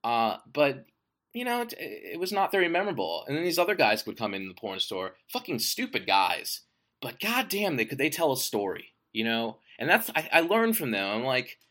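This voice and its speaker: A man's voice: mid-range voice, huge pitch swings, moderate pace, bright, forceful tone. A man, an author, talking about his writing in a casual monologue, swearing often and rambling enthusiastically. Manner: profane and rambling.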